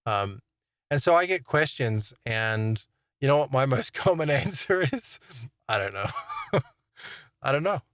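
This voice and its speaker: A man's voice: medium pitch, fairly bright tone, no echo. A man hosting his own channel, talking casually and rambling through a monologue with many fillers, restarts and chuckles. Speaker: online Bible teacher and channel host.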